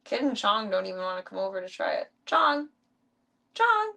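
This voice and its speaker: Chatty young woman with a gravelly voice. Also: steady tone, fast talker, bright, forceful tone. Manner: chatty, talks to her pets in a high coaxing voice. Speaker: streamer. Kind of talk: casual chat while feeding pets.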